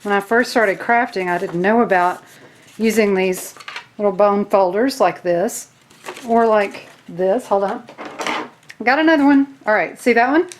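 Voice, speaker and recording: A woman's voice: mid-range voice, measured pace, a little hiss or hum. A woman with a Southern US accent hosting a casual craft tutorial, chatting to viewers in a self-deprecating way while she works. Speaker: crafting video host.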